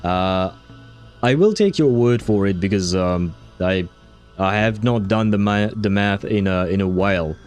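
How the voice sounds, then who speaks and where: This game streamer's voice is lowish, a little slow and a little mellow, clear and resonant, with faint music underneath. He rambles through casual commentary packed with filler, laughs a lot and swears when frustrated.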